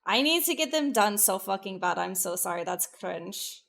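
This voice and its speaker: A woman VTuber streamer chatting casually with her live viewers, excitable and profane, jumping between loud bursts and muttered asides. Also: medium pitch, normal speed, creaky.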